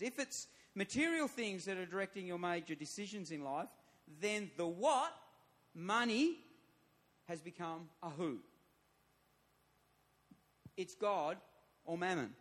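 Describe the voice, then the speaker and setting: A man's voice: sits high, animated, unhurried, pauses often, fairly bright tone. A man, a church pastor, preaching a sermon, emphatic and repeating his phrases as he builds to raised appeals.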